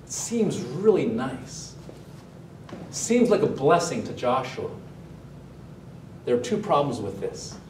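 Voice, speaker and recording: Pastor, male, mid-pitched, lively sermon delivery, recorded from a distance in a reverberant sanctuary with a faint hum. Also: slow pace, long pauses. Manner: animated, asks the congregation questions. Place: church sanctuary, also streamed online. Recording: roomy echo, mic at a distance.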